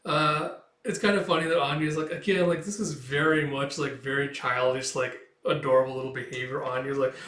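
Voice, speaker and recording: Young man, rambling casual commentary, slightly high voice, roomy echo. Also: steady tone, a little fast, a bit bright. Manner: rambling, filler-heavy, with sudden swearing. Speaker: manga reaction host. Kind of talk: casual chapter read-through and commentary.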